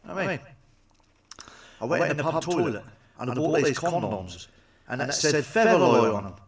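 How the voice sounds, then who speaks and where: A man's voice: medium pitch, lively intonation, normal speed, far from the mic. Swearing man telling crude jokes. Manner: swearing, chatty, asks the listener for agreement. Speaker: stand-up comedian. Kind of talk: crude stand-up one-liners.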